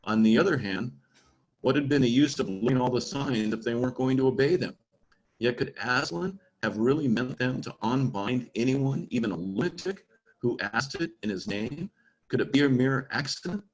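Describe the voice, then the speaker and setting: A man's voice: medium pitch, lively intonation, normal speed, poor audio. A man at a church gathering teaching casually about a storybook, explaining as he goes and reading passages aloud. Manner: informal, explains as he goes, with fillers.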